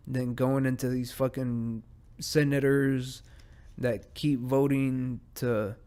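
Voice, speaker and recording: Male solo podcaster, mid-pitched, swears a lot and rambles off track. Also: a little mellow, clean tone. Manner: profane, rambling rants; easily distracted, drifts off mid-sentence. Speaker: podcast host.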